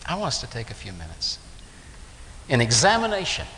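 A preacher delivering a sermon, telling stories and acting out the voices in them. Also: male voice, mid-range voice, wildly swooping pitch, fairly quick, sharp tone. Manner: storytelling, acts out voices in anecdotes. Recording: echoey hall with faint hiss.

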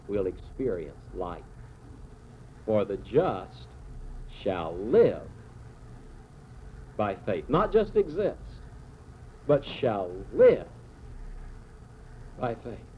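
A man preaching a sermon, telling the story dramatically with slow, emphatic phrases. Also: mid-range voice, very animated. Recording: tinny phone-like sound with faint noise.

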